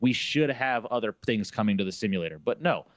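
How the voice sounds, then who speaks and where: Animated and fairly quick, with a lowish voice and no echo, a flight sim streamer weighs in during a panel discussion. He speaks emphatically and opinionatedly, driving his point home through repeated phrases.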